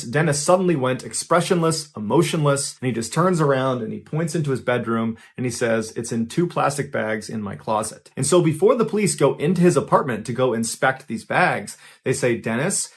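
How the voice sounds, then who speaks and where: A man's voice: mid-range voice, breathy edge. A man narrating a true crime story in a casual, conversational way, grave in tone.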